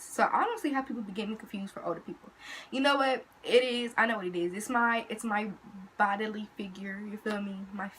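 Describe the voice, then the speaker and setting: A teenage girl telling a story in a casual, slangy, animated way to her vlog audience. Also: mid-range voice, brisk, husky, low-quality recording. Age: teens. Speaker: vlogger.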